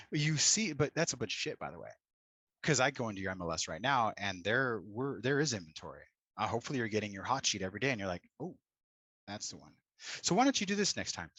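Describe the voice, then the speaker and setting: A man's voice: lowish voice, fairly bright tone, no echo. A middle-aged man coaching real estate agents live over a video call, blunt and profane with pep-talk energy.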